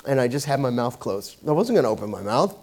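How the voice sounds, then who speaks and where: A man's voice: mid-range voice, very animated, fast talker, a little mellow. A man preaching a sermon in a conversational way, telling a personal story with many fillers and restarts. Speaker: pastor.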